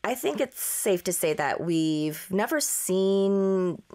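A woman studio correspondent with a husky voice from a cold, briefing the host on a news story. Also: mid-range voice, lively intonation, slow, a little mellow. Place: indoor studio.

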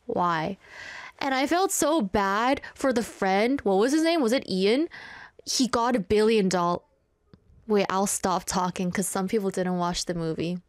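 A woman's voice: medium pitch, unhurried, no room sound. A woman hosting a radio show in a studio, chatting casually and playfully and reading listener messages with frequent giggles.

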